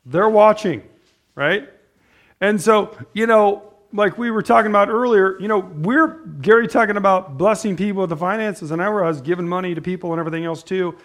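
A man's voice: sits high, a little fast, a bit bright. Rambling, conversational preacher man. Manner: rambling, conversational, with frequent restarts and asides. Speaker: pastor. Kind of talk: informal sermon with storytelling.

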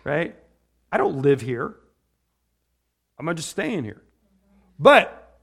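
A man's voice: fairly high pitch, very animated, slow pace, vocal fry, pauses often, fairly bright tone, husky. A man preaching an informal sermon in a chatty, rambling way, often checking in with "right?". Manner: chatty, tags lines with "right?"; rambling with restarts.

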